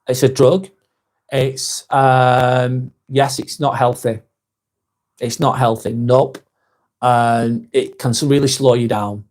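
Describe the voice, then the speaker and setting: A man's voice: mid-range voice, flat delivery, takes it slowly, darkish tone. An English man hosting a live vlog, chatting casually, reading out viewer comments, blunt and swearing freely.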